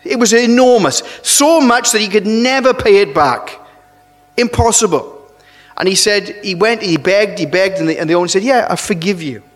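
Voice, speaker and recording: A man preaching a sermon, earnest and halting, often restarting his phrases and pushing up into emphatic rises. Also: sits high, lively intonation. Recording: long reverb of a large hall.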